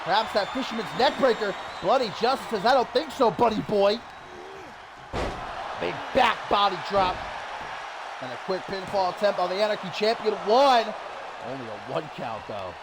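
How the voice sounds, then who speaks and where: A man calling a wrestling match play by play, getting excited and shouting at the big moments. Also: high-pitched, normal speed. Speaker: wrestling commentator. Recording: loud crowd and noise behind. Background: cheering crowd.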